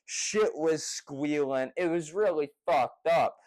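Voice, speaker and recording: A man casually retelling a personal story in a rambling, profane, excitable way. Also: a little high, takes it slowly, rough recording.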